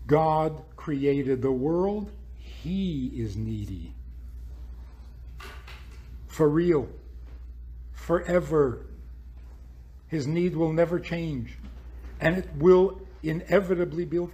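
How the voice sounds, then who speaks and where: A man's voice: on the high side, lively intonation, takes it slowly, pauses often, warm tone. A man hosting a podcast, giving a spiritual talk full of rhetorical questions. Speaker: podcast host.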